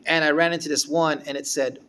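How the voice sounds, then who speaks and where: A man telling a casual personal story about a former guitar teacher, halting and restarting as he goes. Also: on the high side, little pitch movement, pushed and bright, slight background noise. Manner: rambling, halting, with frequent restarts.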